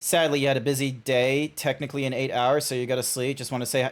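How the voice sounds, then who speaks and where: A man's voice: medium pitch, level tone, fast talker, few pauses. Young Australian man, loose chatty streamer who rambles, restarts and swears, mid-range voice. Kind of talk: casual game-stream chat.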